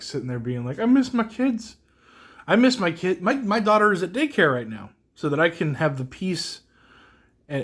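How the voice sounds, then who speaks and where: A young man talks through a casual solo podcast, emotional and rambling, laughing at himself as he goes. His voice sits a bit high for a man. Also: a bit bright. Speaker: podcast host.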